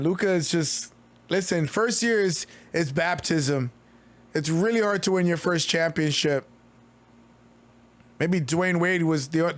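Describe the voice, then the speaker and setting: A man streaming excited play-by-play commentary on a basketball game, loud exclamations and rapid calls, with a voice going hoarse. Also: fairly high pitch. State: losing his voice.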